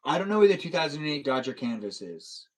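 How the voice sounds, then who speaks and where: A man's voice: a little high, very animated, fast. Playful young man chatting on a livestream. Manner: playful, teasing, laughs often. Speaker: live streamer. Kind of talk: casual livestream chat reading viewer comments.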